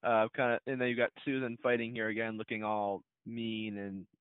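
A man's voice: on the low side, flat delivery, normal speed, smooth, dry recording. A man co-hosting a casual chat, rambling a little, with many fillers and short laughs. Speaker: podcast co-host. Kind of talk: casual chat about a film trailer. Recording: dry, tinny phone-like sound.

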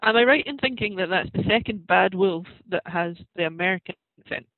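A man's voice: high voice, a little fast, no echo. A man co-hosting a podcast, chatting about a film with anecdotes. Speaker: podcast co-host. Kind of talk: casual film discussion. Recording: tinny phone-like line with faint music.

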